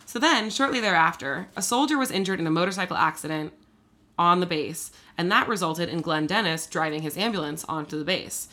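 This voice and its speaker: A woman co-hosting a podcast, telling a story in casual chat, animated and full of fillers. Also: fairly low pitch, a little fast. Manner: chatty, animated, many fillers and laughs.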